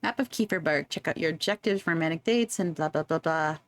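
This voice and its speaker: A woman's voice: low voice, fairly quick, dry recording. A woman streamer chatting casually and giggling as she plays a game, reading its text aloud. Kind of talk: casual gameplay commentary.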